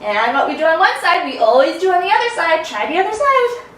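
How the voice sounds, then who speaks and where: A woman's voice: extremely high pitch, very animated, fairly quick, a bit bright, echoey room, distant mic, slight background noise, poor audio. A young woman leading a children's yoga lesson, playful and sing-song, making animal sounds as she teaches.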